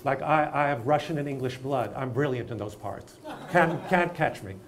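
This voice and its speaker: An older man teaching acting, talking in an animated, emphatic storytelling way. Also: mid-range voice, normal speed, a little hiss or hum. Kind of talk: masterclass discussion.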